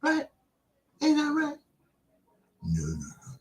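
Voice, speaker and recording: A man hosting an online broadcast, delivering an impassioned religious monologue with rapid-fire rhetorical questions that taunt the listener. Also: very high voice, wildly swooping pitch.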